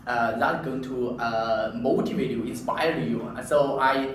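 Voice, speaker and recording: Animated man telling a story, echoey room. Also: medium pitch, distant mic, slight background noise. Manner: animated storytelling, halting and repetitive. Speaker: public speaker. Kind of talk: personal story speech.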